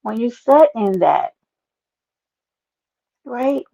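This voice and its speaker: A woman hosts a livestream, chatting loudly with viewers and calling them out by name. Her talk is brash and animated, with plenty of swearing. The stream audio sounds dull and lo-fi. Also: fairly high pitch, very slow, vocal fry. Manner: loud, animated, talks to chat by name, swears. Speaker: livestream host. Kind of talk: casual livestream chat reading comments.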